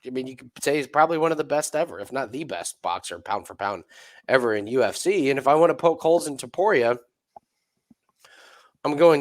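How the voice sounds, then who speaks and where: A man's voice: mid-range voice, animated. Guy rambling thru fight picks on a betting podcast, lots of restarts, normal mid voice. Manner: loose, rambling, quick asides and restarts. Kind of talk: casual sports betting chat.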